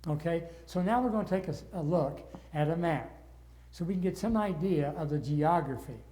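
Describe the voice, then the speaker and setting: Older male Bible study teacher, mellow and slightly high voice, earnest, gets wound up. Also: a little fast. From northern United States.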